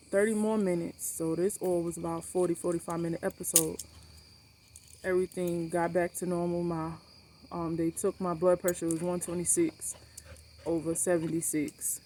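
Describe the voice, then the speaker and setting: A woman vlogging about her cancer treatment, telling a story to camera in a blunt, animated way, swearing freely and repeating points for emphasis. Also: fairly low pitch, moderate pace, long pauses, a little hiss or hum.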